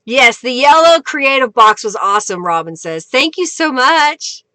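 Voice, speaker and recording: A woman's voice: sits high, lively intonation, measured pace, sharp tone, no echo. A woman hosting a live craft stream, chatting casually, reading viewer comments and laughing often. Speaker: craft livestream host. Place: home craft studio.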